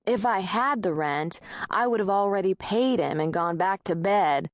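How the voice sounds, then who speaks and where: A woman's voice: medium pitch, lively intonation, moderate pace, no echo. A woman narrating an audiobook in the first person, wry and conversational, on a close studio mic.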